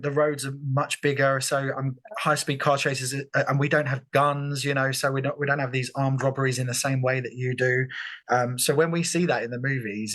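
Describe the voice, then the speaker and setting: A man's voice: mid-range voice, a bit bright. A British man hosting a podcast interview, asking long, encouraging, rambling questions. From United Kingdom. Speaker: podcast host. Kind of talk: conversational interview.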